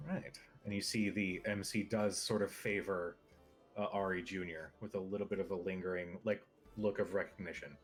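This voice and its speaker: A man's voice: deep voice, steady tone, moderate pace, faint music behind. A man narrating a tabletop game as game master, casual and rambling.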